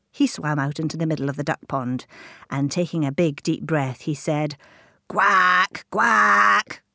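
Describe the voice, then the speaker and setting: A woman reading a children's story aloud, animated and dropping into whispers at times. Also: low-pitched, no room sound, studio quality.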